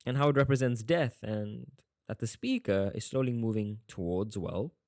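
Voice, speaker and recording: A man's voice: fairly low pitch, normal speed, darkish tone, dry recording, clean studio sound. A man teaching an exam-prep poetry lesson in a casual, jokey way, often veering off on tangents. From South Africa. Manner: chatty, jokey, prone to tangents. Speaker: online tutor.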